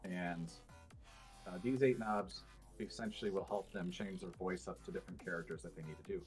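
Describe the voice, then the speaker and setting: A man's voice: deep voice, steady tone, fairly quick, darkish tone, soft background music. A man in casual podcast chat, explaining things at length with many fillers and restarts. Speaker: podcast guest.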